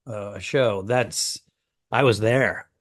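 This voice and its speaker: A man co-hosting a comedy podcast, trading stories and quick jokes in casual talk. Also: fairly low pitch. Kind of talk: casual banter.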